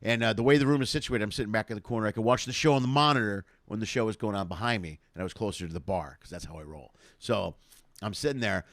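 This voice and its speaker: A man from Chicago, a comedian hosting a show, telling stories over a video call in a casual, profane, animated way, laughing as he goes. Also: lowish voice, quick pace, no room sound. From Chicago, USA. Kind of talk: casual conversational storytelling.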